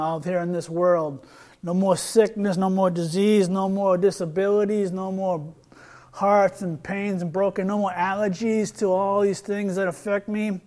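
A man's voice: sits high, a little mellow. A man preaching a sermon, reading scripture aloud and retelling a street conversation, earnest with frequent repeated words and restarts.

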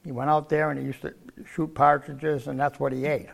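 A man's voice: on the high side, level tone, fairly quick, creaky. An older man preaching a sermon, teaching from the Bible in a folksy, conversational way.

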